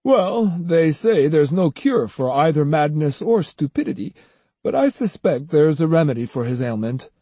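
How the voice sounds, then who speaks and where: A calm, wry grown man in an audiobook, firm but kind, as a male narrator voices him. His delivery is dry and amused, in a dark, husky tone heard up close and dry. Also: on the high side, moderate pace, dry recording, voice pushed up. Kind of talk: audiobook character voice.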